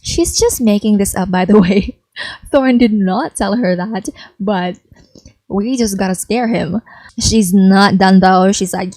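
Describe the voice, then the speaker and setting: A woman's voice: mid-range voice, measured pace, a little mellow, no room sound, rough recording. A young woman narrating a life-sim game in a chatty, gossipy way, full of "like". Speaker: gaming creator. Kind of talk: casual gameplay narration.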